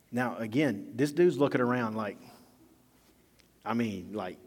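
A man preaching a sermon in a relaxed, conversational way, acting out scenes in casual slang. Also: mid-range voice, quick pace, breathy edge, long reverb tail. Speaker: pastor.

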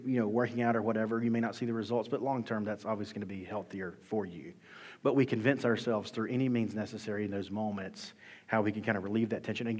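Husky-voiced male pastor in an echoing hall. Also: on the low side. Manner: conversational, acts out quoted voices with humor. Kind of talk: sermon. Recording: long reverb of a large hall.

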